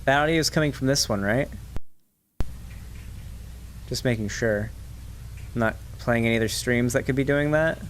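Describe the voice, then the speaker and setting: A man's voice: mid-range voice, moderate pace, pauses often, a little hiss or hum. A man hosting a casual livestream, chatting and reading donations in a rambling way with many fillers. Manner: rambling, full of fillers and restarts. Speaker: livestream host. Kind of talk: casual live chat.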